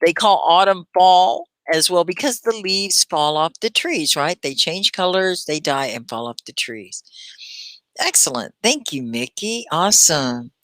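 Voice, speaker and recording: Low-voiced, bright woman teaching English. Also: animated, unhurried, dry recording. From Texas. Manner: clear, careful diction, encouraging, reads comments aloud. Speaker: ESL teacher. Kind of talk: live online English lesson. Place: at home in central United States.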